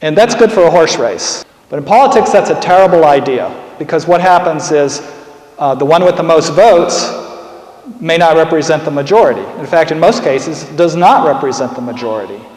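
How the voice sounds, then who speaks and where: A man's voice: on the high side, animated, normal speed, darkish tone, echoey room, long reverb tail, low-quality recording. A man, a political candidate, giving earnest documentary narration and commentary with dry humor.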